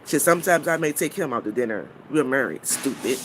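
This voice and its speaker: Her voice is extremely low-pitched, animated and brisk, with a little hiss or hum in the recording. Live-streaming to her viewers, she talks bluntly and mockingly, swears without restraint, and breaks off to greet people in the chat.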